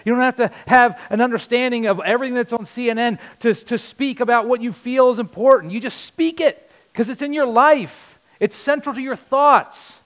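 High-voiced man preaching with animated swings. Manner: animated preaching, swinging from loud punchy lines to hushed earnest ones. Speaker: pastor. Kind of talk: sermon.

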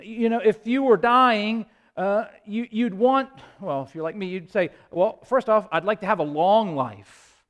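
A man preaching a sermon with impassioned delivery, swinging between loud rises and hushed low passages, with halting restarts. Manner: impassioned, rising and falling, dramatic pauses.

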